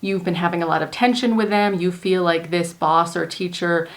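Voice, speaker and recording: A woman's voice: fairly low pitch, steady tone, moderate pace. A woman hosting her own video, explaining her coaching ideas to viewers in a casual, earnest monologue full of "like.". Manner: earnest, chatty, many "like" fillers. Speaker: manifestation coach and video host. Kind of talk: casual teaching monologue to camera.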